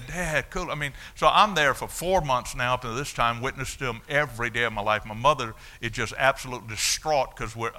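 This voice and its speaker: A man, preaching a sermon as a story of his own life, dropping low and then shouting out the punch lines. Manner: storytelling, swings from hushed to shouting. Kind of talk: sermon testimony.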